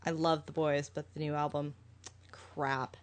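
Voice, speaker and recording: A woman's voice: sits low, level tone, unhurried. A woman co-hosting a casual podcast chat, enthusiastic and prone to giggling. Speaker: podcast co-host.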